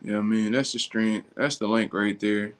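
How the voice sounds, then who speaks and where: A man's voice: fairly low pitch, steady tone, normal speed, clear, resonant tone. A man hosting a casual livestream who reacts to viewer comments in blunt, slangy, profane talk. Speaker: livestream host.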